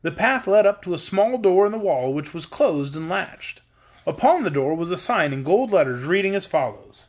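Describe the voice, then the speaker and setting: A man reads a children's storybook aloud, his voice sitting high and swinging widely in pitch. His narration is lively and expressive. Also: moderate pace. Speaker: audiobook reader.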